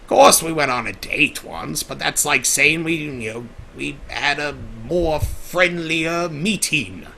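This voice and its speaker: A man's voice: on the high side, takes it slowly, creaky, few pauses, pushed and bright, slight background noise, heavily acted. A man voicing Discord, a vain, theatrical male chaos spirit who calls people darling, drawls, sighs and laments melodramatically, in an improvised in-character Q&A livestream. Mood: smug, theatrical.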